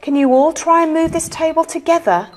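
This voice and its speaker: A woman leading a ghost-hunt séance, asking soft, coaxing, pleading questions. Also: very high-pitched, a little fast. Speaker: séance leader.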